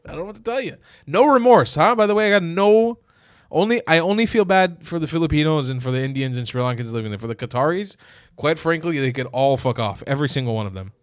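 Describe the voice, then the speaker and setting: A man hosting his own commentary channel, reacting bluntly and with plenty of profanity. His voice is smooth and resonant, recorded dry and close. He talks in an excitable, casual way. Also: medium pitch, fast talker, no echo. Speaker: political commentator, channel host.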